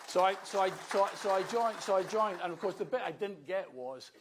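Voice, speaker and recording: A Scottish politician in his sixties gives a wry, anecdotal speech at a rally, peppered with self-mocking asides. His voice is high and animated, his pace brisk with hardly any pauses, and there is background noise.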